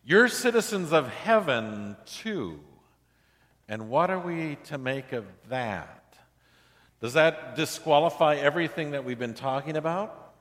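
A man's voice: a little high, animated, measured pace, a bit bright. A male pastor preaching a sermon in a chatty, conversational way, often asking the congregation questions. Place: church sanctuary. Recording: long hall reverb in a church.

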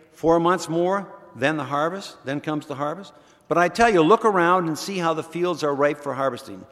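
A man reading a gospel passage aloud in a measured, deliberate way during a church service. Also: mid-range voice, in a large hall. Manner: measured, slow emphatic reading. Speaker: scripture reader.

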